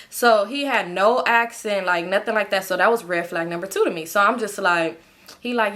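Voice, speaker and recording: A woman's voice: medium pitch, moderate pace. Young woman, storytime vlogger, slangy and swearing, talks straight to viewers. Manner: animated, slangy, swears freely, addresses viewers as y'all. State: sleepy. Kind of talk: casual storytelling to camera.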